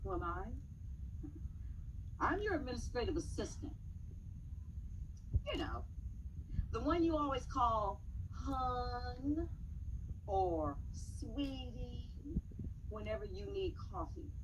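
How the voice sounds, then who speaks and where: A woman giving a dramatic poetry recitation at a public meeting, measured, with pointed pauses and rising emphasis. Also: fairly high pitch, lively intonation, background noise.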